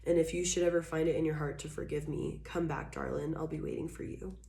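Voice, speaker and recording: A woman voicing a wistful former lover who says a tender farewell in soft, hushed, half-whispered crooning. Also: rumbling low, little pitch movement, moderate pace.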